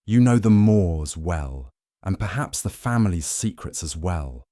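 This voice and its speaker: A man's voice: low-pitched, animated, unhurried, mellow, no room sound. Brief: a man playing a meticulous older sleuth, grave and probing, dry close sound. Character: fastidious older male Belgian detective.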